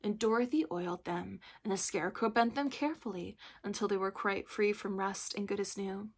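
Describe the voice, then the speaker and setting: Woman library reader, mid pitch, husky, steady storybook narration. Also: brisk. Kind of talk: reading a children's book aloud.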